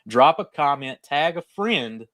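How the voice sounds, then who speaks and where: A man hosting a casual livestream, hyped and promotional, with quick asides. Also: on the high side, expressive, a bit bright, no room sound. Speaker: host.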